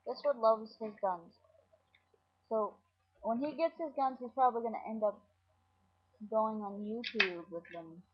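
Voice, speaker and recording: A woman's voice: fairly high pitch, unhurried, pauses often. A woman vlogging at home, chatting in a scattered, giggly and profane way to her webcam. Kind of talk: rambling casual webcam chat. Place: at home indoors. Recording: dull lo-fi webcam audio.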